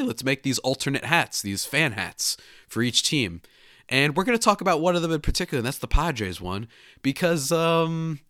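Guy hosting a podcast, bright voice, bouncy up and down, close dry mic. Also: lowish voice, dry recording. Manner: animated and chatty, restarts often. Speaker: podcast host. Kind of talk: casual podcast chat.

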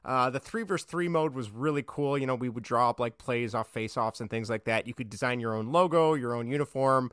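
A man co-hosting a sports podcast in casual chat, talkative and quick to laugh. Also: mid-range voice, a bit bright, clear, resonant tone, no room sound, clean studio sound. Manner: chatty, laughs easily, restarts often. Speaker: podcast co-host.

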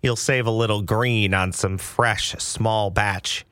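A man's voice: on the low side, fairly even intonation, moderate pace, few pauses, a bit bright, no echo, clean studio sound. A man hosting a sports podcast in a chatty, joking, rambling way. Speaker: podcast host. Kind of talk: casual sports podcast chat. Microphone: studio mic, dry.

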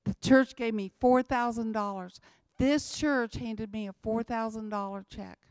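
A woman's voice: fairly high pitch, fairly even intonation, a little slow, a little mellow, smooth, no echo. A woman speaking as a missionary, telling church testimony stories in a repetitive, emphatic way.

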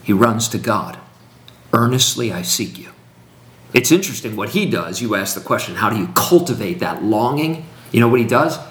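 A man's voice: fairly low pitch, big pitch swings, brisk, few pauses. A man speaking in a teaching conversation with emphatic, preacherly build-ups and repetition. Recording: roomy echo.

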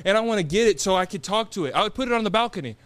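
A man's voice: sits high, expressive, very fast, a bit bright, clear, resonant tone, dry recording. Playful teasing young man, dry sound. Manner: playful, teasing, laughs often. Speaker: podcast co-host. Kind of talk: casual comedic chat.

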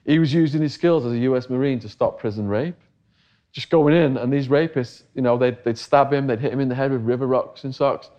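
A man's voice: medium pitch, brisk, dark tone, dull audio. A middle-aged English man telling a long story in a casual interview, acting out the voices of the people he quotes. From England. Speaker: interview guest.

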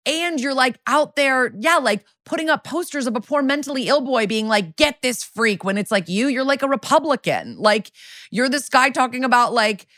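A woman's voice: high-pitched, animated, moderate pace, fairly bright tone, no room sound, studio quality. A woman co-hosting a podcast, giving her opinions in a chatty, opinionated way with lots of fillers. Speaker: podcast co-host. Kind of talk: casual chat.

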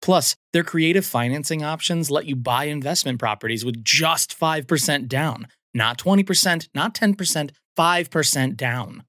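A man's voice: on the high side, normal speed, few pauses, bright, forceful tone, no room sound. A male announcer delivering a scripted ad read in an upbeat, persuasive way. The recording is close and dry. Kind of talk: scripted radio-style ad read.

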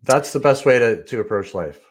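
A man co-hosting a casual podcast chat, speaking in an easygoing, halting way with many small pauses and restarts. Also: mid-range voice, lively intonation. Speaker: podcast co-host.

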